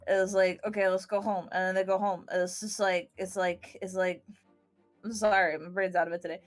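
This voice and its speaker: Woman, rambling recap, mid-pitched, casual, soft music underneath. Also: flat delivery, brisk. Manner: scattered, restarts often, swears, laughs easily. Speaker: podcast player giving recap.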